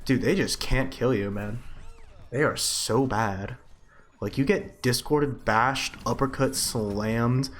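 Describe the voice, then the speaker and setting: A young man coaching and reviewing gameplay in casual live-stream commentary, blunt and profane, often breaking into high laughter. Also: takes it slowly.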